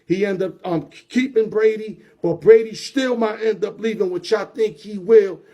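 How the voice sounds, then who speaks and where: A man's voice: high-pitched, normal speed, warm tone. A man hosting his own sports show, talking in a slangy, emphatic way. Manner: slangy, emphatic, hype-driven. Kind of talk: casual sports commentary.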